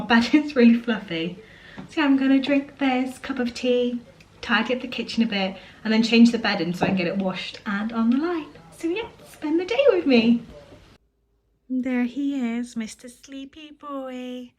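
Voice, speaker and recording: A young woman, hoarse today, chatting casually to camera in her home kitchen, rambling with fillers as she vlogs her day. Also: on the high side. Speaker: vlogger.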